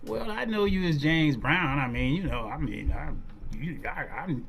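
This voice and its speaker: A man voicing a quick-witted male showman emcee with a brash, playful, showy delivery. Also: on the high side, expressive, vocal fry, fairly bright tone, slight background noise. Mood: casual.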